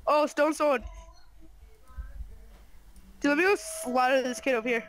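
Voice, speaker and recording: A man playing a game with a friend, chatting casually in quick play-by-play. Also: very high voice, fairly even intonation, a bit bright, a little hiss or hum, low-quality recording. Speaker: co-player. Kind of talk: casual gaming chat.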